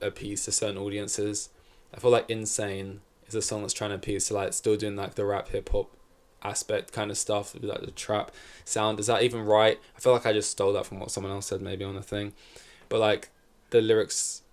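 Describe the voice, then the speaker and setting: Male podcast host, solo, loose and chatty, trips over himself, sits a bit low. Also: little pitch movement, a little fast. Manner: rambling, self-correcting, swears casually. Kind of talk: casual solo chat. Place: in front of a camera.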